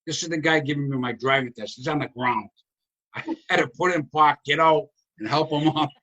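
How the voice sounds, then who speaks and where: A man's voice: on the high side, brisk. A man in his sixties from Rhode Island, hosting a casual chat and telling rambling comic stories about his past. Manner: rambling comic storyteller, animated. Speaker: host.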